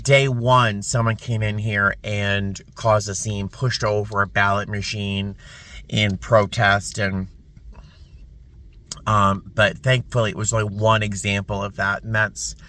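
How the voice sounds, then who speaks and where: A man talking to camera in a casual vlog from his parked car, emotional and halting, full of restarts and fillers. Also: fairly low pitch, pushed and bright. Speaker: vlogger.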